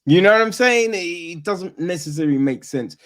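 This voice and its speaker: A man hosting a podcast, reviewing a film in casual chat, animated and profane, always asking "right?" and mimicking characters. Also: sits high, fairly quick. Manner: peppers talk with "right?" and "you know what I mean?". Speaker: podcast host.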